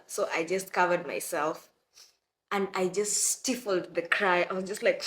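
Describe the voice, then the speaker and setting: A young woman from Kenya telling a story to her viewers in a lively, dramatic way, often breaking into laughter. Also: fairly low pitch, unhurried, reverberant. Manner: animated, dramatic retelling with laughter and mock crying. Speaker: vlogger. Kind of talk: casual storytelling to camera.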